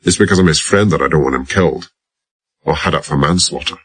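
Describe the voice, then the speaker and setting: A man's voice: rumbling low, fast talker, fairly bright tone, husky, no echo, full character voice. A man voicing an old, wizened male transporter driver with a Glasgow accent, indignant and unperturbed.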